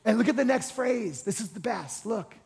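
A man's voice: sits high, expressive, normal speed, vocal fry, a little mellow, breathy edge. A man preaching a sermon to a congregation, repeating phrases and building to passionate exhortation. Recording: long hall reverb.

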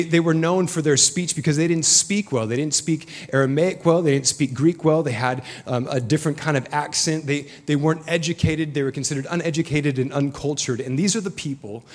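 A man in his thirties preaching a sermon, telling a personal story in a casual way with joking asides. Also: fairly high pitch. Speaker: pastor.

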